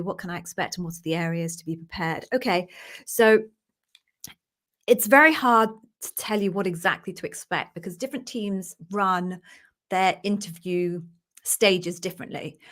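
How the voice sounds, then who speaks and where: A woman's voice: fairly low pitch, fairly bright tone. A woman working as an interview coach, giving direct, practical answers in a live Q&A session.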